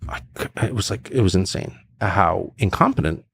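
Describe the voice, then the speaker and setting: A man's voice: low voice, lively intonation, normal speed, gravelly, fairly bright tone, breathy edge, no echo, clean studio sound. A middle-aged man, a political commentator, talking bluntly and emphatically in a podcast conversation, acting out the voices he quotes. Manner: blunt, swears.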